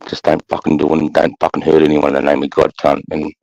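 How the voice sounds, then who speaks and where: Sweary deep-voiced Australian veteran. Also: male voice, level tone, fast talker, vocal fry, a little mellow, dry recording, poor audio. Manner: blunt, sweary, heavy use of "mate" and "bro". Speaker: army veteran guest. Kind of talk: casual podcast conversation.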